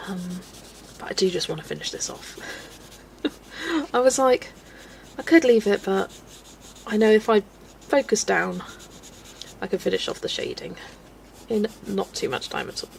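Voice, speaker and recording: Woman, 40s, gravelly, chatty livestream host prone to playful rants; faint background noise. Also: medium pitch, normal speed, long pauses, rough recording. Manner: chatty, laughs often, animated rants. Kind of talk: casual live-stream chat while colouring.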